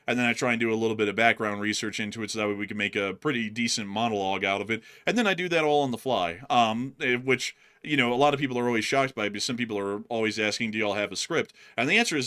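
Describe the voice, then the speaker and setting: A man talks fast in a loose, joking livestream chat. His voice is bright and a little sharp, and he laughs easily between points. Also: medium pitch, clean tone. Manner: quick, animated, laughs easily. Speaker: co-host.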